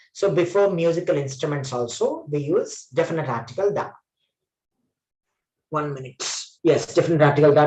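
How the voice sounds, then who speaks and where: Man, English trainer, online class lecture, repeats himself, self-corrects, echoey room. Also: a little high.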